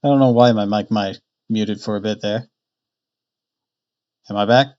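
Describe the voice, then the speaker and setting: A man streaming live, chatting casually and thinking out loud between frequent laughs. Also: fairly low pitch, steady tone, moderate pace. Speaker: streamer reading a novel aloud. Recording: dull lo-fi stream mic.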